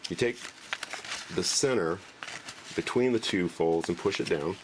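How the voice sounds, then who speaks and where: Deep-voiced man, casual, rambling trick tutorial. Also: unhurried, noisy background. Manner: relaxed, rambling, joking. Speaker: magic trick presenter. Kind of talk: casual demonstration.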